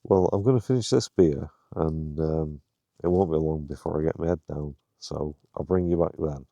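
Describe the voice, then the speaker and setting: A man's voice: rumbling low, normal speed, dark tone, dry recording, muffled recording. A man, talking casually to camera while wild camping on a hill, chatty and rambling with lots of fillers. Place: outdoors on a hill, later inside a tent.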